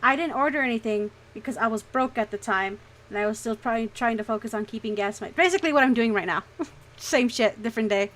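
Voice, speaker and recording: A young woman streamer telling a story in casual chat, animated and swearing freely. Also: a little high, fast talker, low-quality recording.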